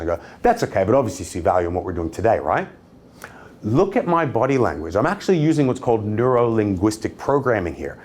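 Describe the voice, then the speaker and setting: A man's voice: medium pitch, a little mellow. A young man teaching sales techniques, confident and cheeky, stressing a firm downward inflection. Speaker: sales trainer. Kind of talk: instructional talk to camera.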